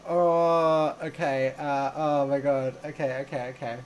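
Slow, gushing man streaming live. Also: a little high, little pitch movement, a little hiss or hum. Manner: chatty, gushing and playful, laughs easily. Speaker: English teacher and podcast host. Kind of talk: casual live-stream chat with learners.

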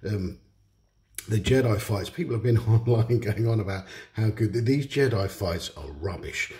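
A man's voice: low-pitched, darkish tone. A male podcast co-host giving a blunt, profane, rambling opinion in a casual recorded message. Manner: blunt and profane, full of restarts.

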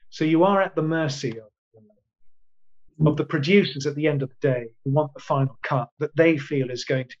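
A man's voice: medium pitch, a little mellow, muffled recording. A man in his sixties, an actor being interviewed, telling long anecdotes with many restarts and quoted asides. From England. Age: 60s. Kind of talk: casual storytelling in an interview.

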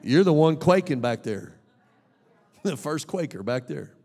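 A man preaching an emphatic, animated sermon as a pastor, with bursts of shouting. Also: fairly high pitch, slow pace. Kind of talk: lively sermon. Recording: long reverb of a large hall.

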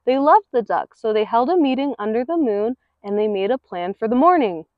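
High-voiced woman reading a picture book aloud. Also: fairly quick, no room sound. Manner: rhythmic, expressive reading. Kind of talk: read-aloud storytelling. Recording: dull lo-fi recording.

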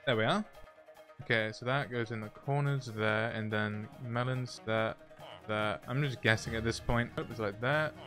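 A young man playing a video game, talking through it with excited, jokey, self-mocking commentary and short narrated asides. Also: mid-range voice, normal speed, over music. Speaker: gaming YouTuber. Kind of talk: playthrough commentary with voice-over narration.

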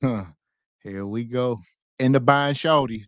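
A man's voice: medium pitch, measured pace, background noise. A man co-hosting a reaction podcast, laughing often and hyping up the viewers. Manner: laughing, hype, urges viewers to like. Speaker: podcast co-host. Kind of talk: casual reaction commentary.

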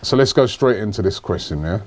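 A man's voice: fairly low pitch, lively intonation, brisk. A man hosting a casual podcast chat, teasing his guest, laughing and repeating points to needle him. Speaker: podcast host.

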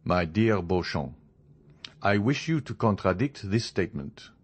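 A man's voice: low voice, lively intonation, a little slow, slightly rough, full character voice. A man voicing a proud, indignant young nobleman. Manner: cold, formal, determined.

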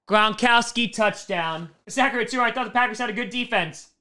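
High-pitched, excitable football fan. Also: male voice, moderate pace. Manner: excitable, swings from shouting cheers to deflated groans. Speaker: sports fan vlogger reacting live. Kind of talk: live game reaction.

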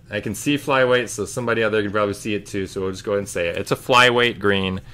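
Bright-voiced man hosting a card break. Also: on the low side. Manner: casual, chatty, calling out cards as he opens packs. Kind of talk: live card break commentary.

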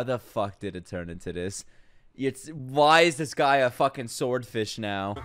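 A man giving excitable reaction commentary on an anime, with loud, profane outbursts and laughing exclamations. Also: mid-range voice, a little slow. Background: faint anime soundtrack music.

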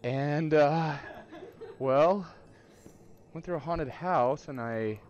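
A young man playing a horror game at a friend's home, reacting out loud. He talks to himself, exclaims when startled and laughs nervously. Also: on the high side, drawn-out words, lo-fi sound, a little hiss or hum.

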